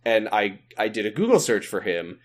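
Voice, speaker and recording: Animated man with a lively voice. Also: moderate pace. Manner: animated, bursts into high mocking voices when quoting. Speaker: podcast co-host. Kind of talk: casual chat recapping a TV episode.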